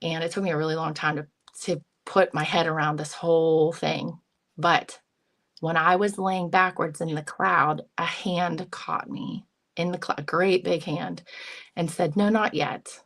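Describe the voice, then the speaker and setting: A woman's voice: deep voice, fairly even intonation, unhurried, a bit bright. A woman, a psychic medium, earnestly telling an emotional personal story as an interview guest, often quoting her own thoughts. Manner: earnest and emotional, retelling with self-quotes.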